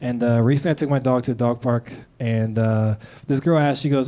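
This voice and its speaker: A young adult man from Denver, Colorado, doing a stand-up comedy set with a calm, precise delivery and quick asides to the crowd. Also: medium pitch. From Denver, Colorado, USA. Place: comedy club stage with audience. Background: audience laughter.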